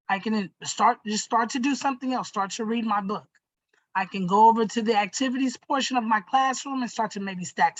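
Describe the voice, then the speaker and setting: Woman teacher, gentle and encouraging, higher voice, dry close sound, children's lesson. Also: no echo, lo-fi sound. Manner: gentle, encouraging, checks in often with "right?" and "okay?".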